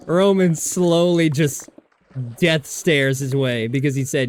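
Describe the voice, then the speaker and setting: A man's voice: a little high, measured pace. A man livestreaming a survival game, chatting casually in a rambling, profane way and laughing often. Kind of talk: casual gaming stream chat.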